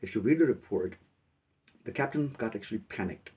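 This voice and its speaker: Man, dark husky tone, halting critical commentary. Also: lowish voice, animated, recorded from a distance. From Pakistan. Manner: halting, repeats words while thinking. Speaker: aviation video commentator.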